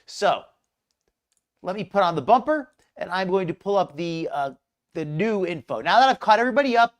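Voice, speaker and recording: Here a host of a live commentary stream rambles in a relaxed, chatty way, welcoming people in the chat. The medium-pitched voice is expressive and keeps a moderate pace.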